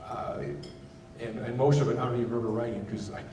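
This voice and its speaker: A man giving a personal testimony as a keynote speech at a gala, earnest and halting, with many restarts and fillers. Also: steady tone, mellow, distant mic. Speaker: nonprofit founder giving a keynote. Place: banquet hall at a gala. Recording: roomy hall sound from off mic, faint rumble.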